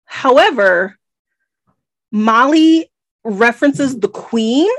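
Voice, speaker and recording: An American woman co-hosting a casual book-club podcast, animated and nitpicky with lots of rambling asides. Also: a little high, slow pace, no room sound. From United States. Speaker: podcast co-host.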